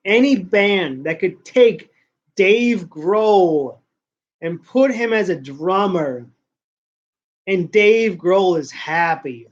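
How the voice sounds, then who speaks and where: A man hosting a casual talk show, ranting and rambling with lots of swearing. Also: sits high. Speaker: podcast host. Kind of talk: casual rant. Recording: dull lo-fi sound.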